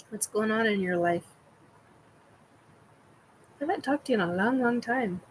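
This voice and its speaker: A woman's voice: on the high side, lively intonation, normal speed, long pauses, slight background noise, rough recording. A middle-aged woman hosting a casual live-stream chat, rambling with many fillers and restarts while she answers viewers.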